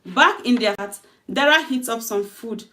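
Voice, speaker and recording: A woman with a somewhat high voice tells her own short story in a relaxed, chatty way. She talks through the dialogue loosely and corrects herself mid-sentence. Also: normal speed. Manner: loose, conversational retelling with self-corrections.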